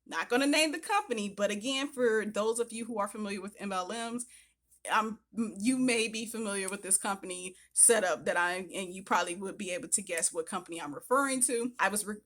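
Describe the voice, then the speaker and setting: Bright-voiced woman telling her story. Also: mid-range voice, brisk. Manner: chatty, animated retelling with acted-out quotes. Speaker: vlogger. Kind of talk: casual storytelling to camera.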